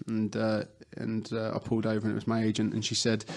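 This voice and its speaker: A man's voice: lowish voice, completely flat delivery, fast talker, creaky, few pauses. A young adult man, an actor guest, chatting casually in an interview and telling stories with lots of fillers and restarts.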